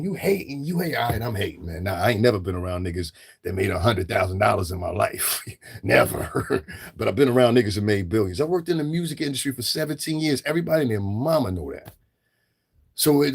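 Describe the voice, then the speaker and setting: With a husky, mid-range voice, this middle-aged man hosts a livestream rant. He's profane and combative, saying the same things over to stress them.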